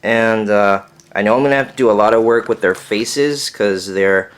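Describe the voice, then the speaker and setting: A man's voice: on the low side, normal speed. A young man giving a casual, rambling video update from his bedroom, with many fillers. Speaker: Lego builder vlogger. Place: bedroom at home.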